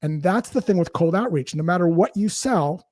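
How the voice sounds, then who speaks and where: A man with a fairly high voice, speaking as a guest in an interview. He explains sales ideas in a relaxed way through stories and acted-out dialogue. The sound is dry, with almost no room echo. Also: normal speed. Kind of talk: conversational interview storytelling.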